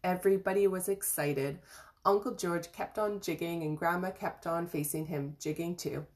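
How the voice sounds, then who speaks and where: A woman reading a children's storybook chapter aloud in a gentle, even way, with small slips and restarts. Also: fairly low pitch, normal speed. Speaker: reader of an audiobook chapter.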